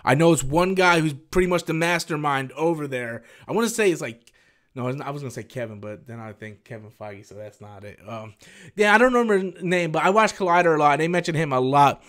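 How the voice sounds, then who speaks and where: Fairly high-voiced man, rambling and animated. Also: fast. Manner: rambling, animated, swears freely. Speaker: YouTube host answering viewer questions. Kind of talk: casual live-stream Q&A.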